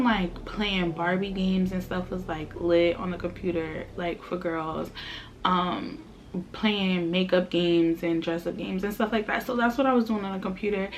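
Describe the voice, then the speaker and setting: Young New woman, vlogger, lively storytime delivery, mid-pitched, faint music behind. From Brooklyn, New York. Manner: animated storytelling, acting out quotes with laughs. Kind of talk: storytime chat.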